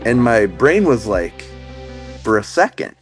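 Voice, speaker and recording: A man in his thirties from Minnesota speaks with a low, grounded voice, telling his story in earnest, halting phrases full of "you know" and "like". He talks casually, as a guest in an interview. Soft music plays faintly underneath. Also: sing-song. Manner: earnest, halting, many fillers and restarts. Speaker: guest sharing recovery story.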